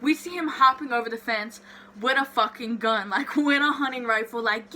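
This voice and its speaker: Young woman, kinda high voice, super bright, animated storytime vlog, cusses a lot, says like constantly. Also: moderate pace. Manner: animated, swears freely, heavy filler "like". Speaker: vlogger. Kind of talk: casual storytime.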